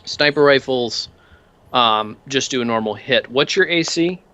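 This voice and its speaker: A man's voice: mid-range voice, a little slow, bright, forceful tone, dull audio. A man narrating a tabletop game as game master, describing scenes loosely with many fillers.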